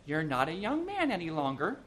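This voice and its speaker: A man's voice: a little high, huge pitch swings, brisk, fairly bright tone, a little hiss or hum. A man voicing a nagging middle-aged wife in a read-aloud story. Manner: scolding, fussy.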